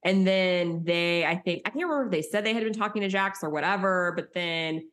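A young woman with a slightly low voice co-hosts a casual podcast. She recaps reality TV in an animated, chatty way. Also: fairly quick. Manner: animated, acts out quotes with high voices. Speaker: podcast co-host.

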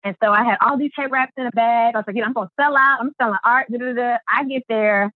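A woman, an artist telling her story in an interview, lively and acting out the quotes with big jumps in pitch. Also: fast talker, no room sound. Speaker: artist and business founder, interview guest. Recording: dry, phone-like narrow sound.

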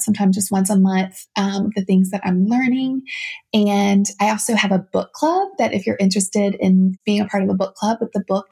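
A woman's voice: medium pitch, vocal fry, darkish tone, husky. A woman with a Southern accent, a podcast guest talking in an earnest, effusive way with plenty of fillers. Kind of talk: casual interview chat.

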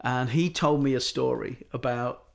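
Middle-aged male storyteller, gravelly and lively, chatty anecdotes. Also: mid-range voice, moderate pace. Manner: animated storytelling, acting out quoted voices. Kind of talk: casual anecdotal chat.

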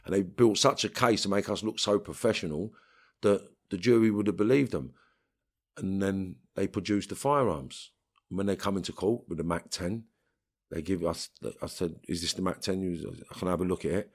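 A man's voice: deep voice, moderate pace. A man with a London accent, talking bluntly and streetwise in an interview, with bursts of swearing. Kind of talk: storytelling interview.

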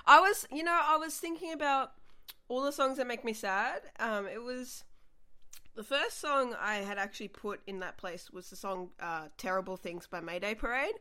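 Bright-voiced young woman comedian chatting. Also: fairly high pitch, normal speed. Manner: animated, laughing often. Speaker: comedian guest. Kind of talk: casual podcast chat.

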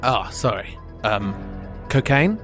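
A man's voice: medium pitch, very animated, takes it slowly, a bit bright, soft background music. A man on a comedy podcast, teasing and mock-earnest as he improvises. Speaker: podcast co-host.

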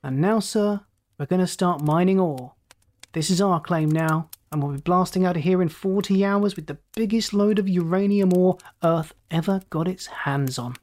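A narrator voicing a confident male mining ship officer, brisk and triumphant, in an audiobook reading. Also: medium pitch, darkish tone, lightly acted.

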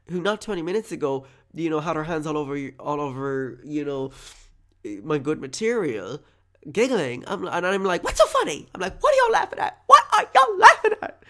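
A young Irish man hosts a podcast alone, spinning a story in a theatrical, self-mocking way. He swears freely and plays up every twist for comic effect. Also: mid-range voice. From Ireland. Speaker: podcast host. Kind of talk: casual comic monologue.

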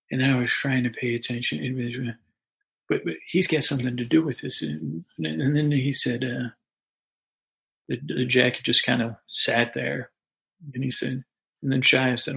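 A man with a deeply gravelly, husky voice spins a meandering comic story. He keeps stopping, restarting and wandering off into asides. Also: steady tone, sharp tone, rough recording. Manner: halting, full of restarts and asides. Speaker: comedy storyteller. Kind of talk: rambling improvised comic story.

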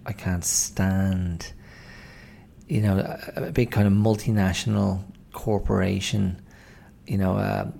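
A man's voice: deep voice, steady tone, takes it slowly, creaky, dark tone. An Irish man hosting a podcast, telling a story in a wry, exasperated casual monologue. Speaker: podcast host. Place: indoors at home, late night.

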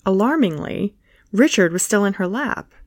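A woman narrates a light romance story in a soft, playful voice at a middle pitch. The sound is close and dry, with no room around her. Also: animated, moderate pace, dry recording.

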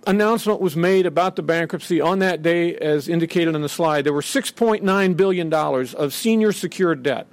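Indignant high-voiced man. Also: dry recording. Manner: emphatic, indignant, dramatic quoting. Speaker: speaker at a podium. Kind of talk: public speech.

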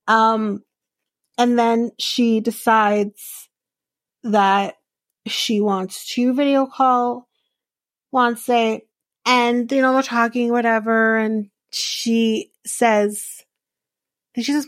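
A woman's voice: fairly high pitch, fairly even intonation, slow, pauses often, no room sound, studio quality. A woman hosting a podcast, recapping a reality show in a chatty, rambling way with many restarts. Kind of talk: casual chat recap.

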